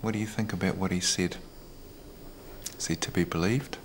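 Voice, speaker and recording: A man, facilitating a family meeting with gentle, measured questions. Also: deep voice, slight background noise. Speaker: conference facilitator. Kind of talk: calm mediation talk.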